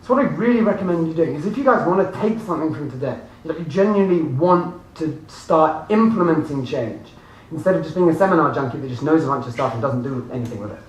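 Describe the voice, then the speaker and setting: Animated man speaking to a seminar crowd. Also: on the high side, quick pace. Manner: animated, laughing, addresses audience directly. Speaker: motivational speaker. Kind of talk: live seminar talk. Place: seminar room with audience. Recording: echoey room from far off, faint noise.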